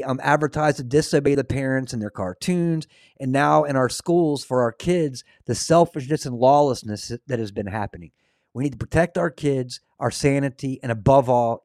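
A man hosts a casual religious talk show, preaching with earnest, excitable energy. His voice sits at an ordinary middle pitch, recorded close and dry with no room around it. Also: no echo. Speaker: host.

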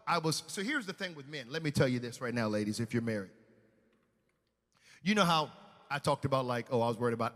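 A man preaching a sermon, telling a personal testimony with emotional storytelling that swings between loud and hushed. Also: medium pitch, long reverb tail.

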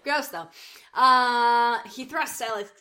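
Woman, bright tone, reading a story aloud, mocking it now and then. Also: fairly high pitch, takes it slowly. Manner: reads a fan story aloud, breaking off to laugh and mock it. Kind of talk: reading aloud with casual commentary.

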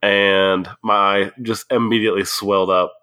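A man's voice: lowish voice, flat delivery, moderate pace, sharp tone, clear, resonant tone, no room sound. A man co-hosting a podcast in casual chat, telling stories and tossing in dry quips. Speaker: podcast co-host.

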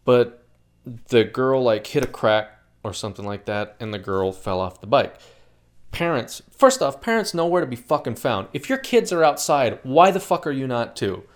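A man's voice: medium pitch, sing-song, moderate pace. A man in casual chat, telling a long story with lots of swearing and filler words. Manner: profane, rambling storytelling.

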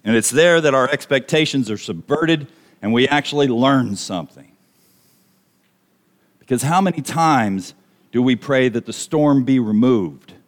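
A man preaching a sermon, animated and asking his listeners rhetorical questions. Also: mid-range voice, measured pace. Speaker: pastor.

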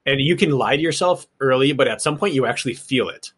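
A male podcast host with a middle-pitched voice. He talks reflectively and shares his own racing experience, then leads into his questions. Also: quick pace, a bit bright, breathy edge. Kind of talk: conversational interview.

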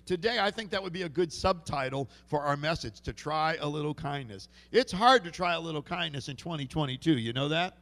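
A man's voice: a little high, a little fast, fairly bright tone. A man preaching a sermon in a church, telling folksy stories and often restarting his sentences. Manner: folksy storytelling with many restarts. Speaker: pastor. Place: church sanctuary. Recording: long hall reverb.

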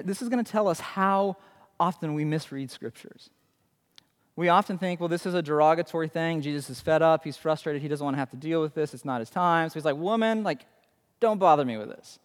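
A male pastor delivers a lively, conversational sermon, tossing questions out to his listeners. His voice sits a touch high for a man. The sound rings with long reverb from a large church hall. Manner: animated, conversational preaching with rhetorical questions.

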